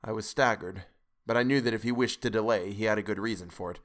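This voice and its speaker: A man narrating a classic novel as an audiobook reader, in a steady, even reading manner. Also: on the low side, fast talker. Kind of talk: scripted narration.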